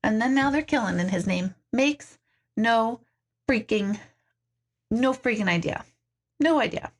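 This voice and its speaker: Woman chatting live w/ her viewers, fairly high voice, animated, swears casually, laughs a lot. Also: a little slow. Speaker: intuitive hosting a live stream. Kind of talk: casual live-stream chat, reading viewer comments.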